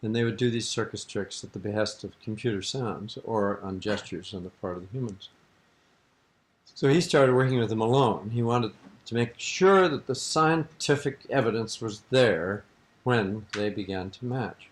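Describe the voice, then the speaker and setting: An older man with a lowish voice, speaking at an ordinary pace, rambles through a long story during an interview captured on archival tape. He sounds amused and keeps bursting into laughter.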